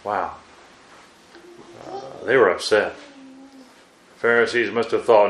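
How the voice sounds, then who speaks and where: A man's voice: on the low side, slow pace, long pauses, fairly bright tone, echoey room, rough recording. A man preaching a Bible sermon, asking his listeners rhetorical questions and exclaiming "wow" between points.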